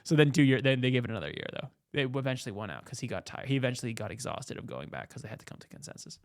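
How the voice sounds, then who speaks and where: Gravelly guy hosting, riffing jokes, excitable and casual, dry close sound. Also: mid-range voice, rapid-fire, no room sound. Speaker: host. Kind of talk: comedic casual commentary.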